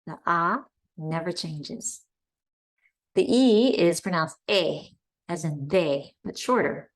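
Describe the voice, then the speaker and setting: A woman's voice: sits low, slow pace. A woman teaching Spanish pronunciation online, carefully modeling vowel sounds for learners to repeat. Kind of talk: online language lesson.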